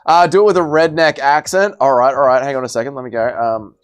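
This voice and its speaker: A man's voice: mid-range voice, steady tone, quick pace, smooth, soft background music. A young man hosting a casual livestream, bantering as he reads and answers viewers' chat messages. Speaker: livestream host.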